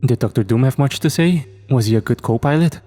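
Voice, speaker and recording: A man's voice: mid-range voice, brisk, dark tone, voice pushed up, lightly acted. A man voicing a playful young woman astronaut who teases her partner, raising his voice for her. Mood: teasing. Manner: playful, teasing.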